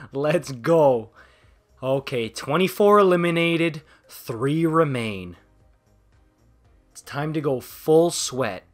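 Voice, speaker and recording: A young man giving live gameplay commentary, excitable and trash-talking, swinging between low muttering and sudden yelling. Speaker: gaming video host.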